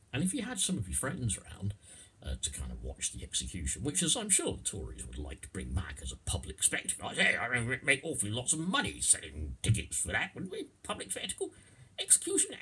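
A man's voice: deep voice, fairly bright tone, husky. A man giving a casual, playful lesson on idioms, now and then slipping into comic voices. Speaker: English teacher.

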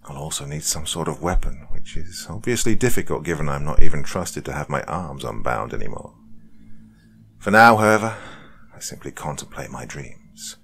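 A man with an extremely low, rumbling voice reads a horror story aloud. His delivery is measured and dark, in the manner of a podcast host narrating a first-person tale. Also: lively intonation, gravelly, slight background noise.

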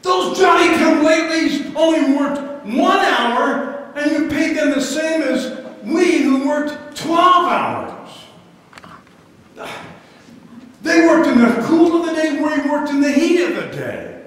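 Man putting on outraged grumbling workers, high and shouting, echoey hall from afar: indignant and loud. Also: expressive, measured pace, few pauses, exaggerated voice. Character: indignant grumbling day laborers, adult men. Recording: echoey hall, mic far off.

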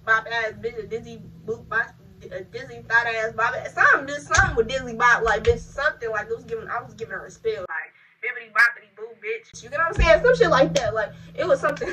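A young adult woman telling a story casually to her viewers while she does her hair, animated and profane. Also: a little high, fast talker, hardly any pauses, distant mic, noisy background. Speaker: vlogger.

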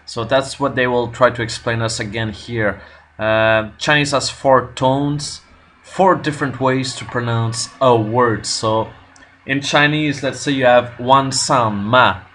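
A man working through a language lesson on his own, nervous and unsure of himself, pausing often with fillers. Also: medium pitch, steady tone, a bit bright, slight background noise. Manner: nervous, self-doubting, halting with fillers. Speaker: language learner vlogger. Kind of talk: casual self-recorded lesson commentary.

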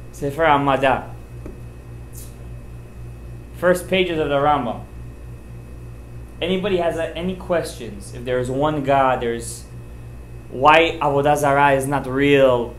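A man, a rabbi giving an informal sermon, telling stories with emphatic, animated delivery and sprinkling in Hebrew and Yiddish terms. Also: a little high, measured pace, pauses often, slight background noise. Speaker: rabbi giving a Torah class. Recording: roomy echoey room.

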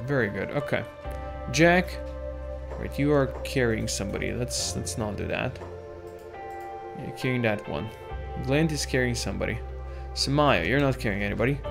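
A man hosting a let's-play video, chatting casually about his game and swearing now and then in a relaxed way. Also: medium pitch, creaky. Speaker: gaming video host.

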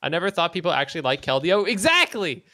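A young man streaming a game, chatting casually in an excitable, rambling way and slipping into silly voices. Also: medium pitch, normal speed, dry recording, clean studio sound. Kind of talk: casual gaming stream chat.

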